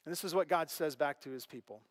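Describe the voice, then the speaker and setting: A middle-aged male pastor preaching a sermon, telling stories with animated delivery and acting out voices, dropping to a hush and rising again. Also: a little high, fast, big-room sound. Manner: animated storytelling, acts out quoted voices, big swings from loud to hushed. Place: church auditorium.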